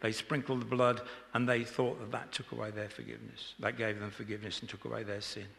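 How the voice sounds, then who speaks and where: A man's voice: lowish voice, level tone, quick pace, gravelly, a bit bright. A man preaching an informal sermon in church, chatty and joking with the congregation. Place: church hall. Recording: echoey church hall.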